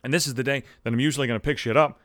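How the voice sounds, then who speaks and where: Swearing heavily, a young comedic monologue host rants in exasperation from a home room into a studio microphone. His medium-pitched voice is steady, a bit bright, and very fast, with no room sound and a clean studio quality.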